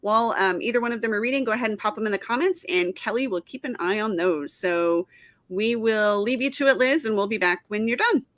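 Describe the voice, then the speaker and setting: A woman hosts a live podcast show in a brisk, welcoming way. Her voice is bright and somewhat high, and the recording is dry and close. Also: no room sound. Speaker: podcast host.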